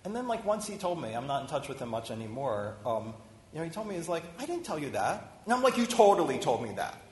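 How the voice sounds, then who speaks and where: Man, rabbi, conversational sermon, slightly high voice, roomy hall reverb. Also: fast, a little hiss or hum. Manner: conversational, animated, many restarts. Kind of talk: informal sermon discussion. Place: synagogue hall. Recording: roomy hall echo, faint ambience.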